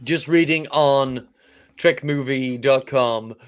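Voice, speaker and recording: A man's voice: medium pitch, takes it slowly, smooth. A man co-hosting a podcast in casual chat, hesitant and full of restarts. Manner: hesitant, lots of restarts and fillers. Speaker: podcast co-host.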